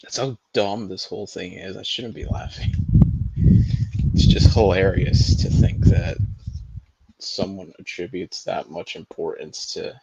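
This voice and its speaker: A man's voice: deep voice, a little slow, vocal fry, warm tone, lo-fi sound, slight background noise. A man hosting a casual livestream, laughing in disbelief, swearing and greeting his chat by name. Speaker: livestream host.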